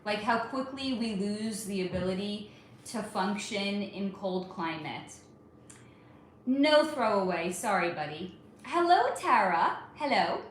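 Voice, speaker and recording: A woman's voice: medium pitch, takes it slowly. A woman in her thirties from California, hosting a casual livestream and greeting viewers by name, calling them honey and darling. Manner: warm-toned, calls viewers honey and darling, chatty and animated. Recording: very echoey room with faint ambient noise.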